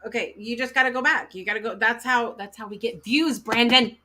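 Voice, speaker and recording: A woman hosts a live talk show in a loose, chatty way, trailing off into asides and laughing easily. Her voice is bright and clear. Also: a little high, fairly quick. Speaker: host. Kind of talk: casual live-show hosting.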